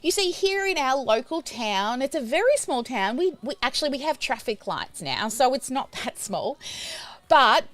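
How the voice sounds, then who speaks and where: A middle-aged woman, a business coach teaching on a livestream in a bubbly, loud and energetic way. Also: high voice, dry recording.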